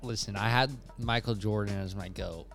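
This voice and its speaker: A man's voice: lowish voice, moderate pace, gravelly, a bit bright, soft background music. A young male basketball player answering interview questions casually, a bit hesitant, with lots of filler words.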